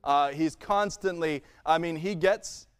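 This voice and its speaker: A pastor preaching a sermon in a conversational style, acting out little scenes and laughing along the way. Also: male voice, on the high side, measured pace, clean tone. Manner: conversational preaching with playful acted-out asides. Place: church sanctuary.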